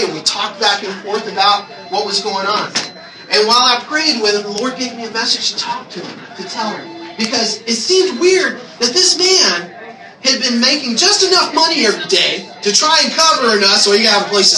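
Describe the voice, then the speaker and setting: A man sharing a personal testimony in church, telling his story in an animated way and acting out his own prayers. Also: sits high, a little fast, crowd noise. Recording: echoey room from far off, noisy ambience.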